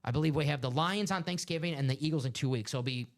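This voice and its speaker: A man's voice: fairly high pitch, quick pace. A man hosting a live stream, rambling through casual sports chat. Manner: chatty, rambling sports talk.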